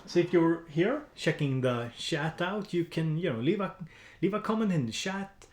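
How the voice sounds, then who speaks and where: A man's voice: on the high side, lively intonation, moderate pace, echoey room. A man with a Swedish accent chatting casually on a music-production live stream, rambling with lots of fillers and restarts while he edits samples. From Sweden.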